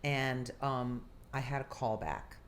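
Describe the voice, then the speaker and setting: Very deep-voiced older actress storyteller. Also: female voice, takes it slowly, slight background noise. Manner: animated, theatrical storyteller who acts out quotes. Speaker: guest actress. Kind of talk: casual interview storytelling.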